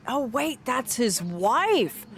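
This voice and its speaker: A woman streaming a game, chatting playfully with her viewers and reading in-game journals aloud in a soft storytelling voice. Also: on the high side, big pitch swings, drawn-out words, vocal fry. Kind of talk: gameplay commentary with a read-aloud journal.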